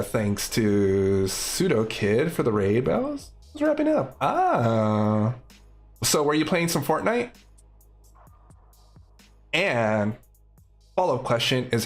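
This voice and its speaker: Unhurried man thinking aloud while coding. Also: medium pitch. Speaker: live-coding streamer. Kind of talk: casual live-coding commentary.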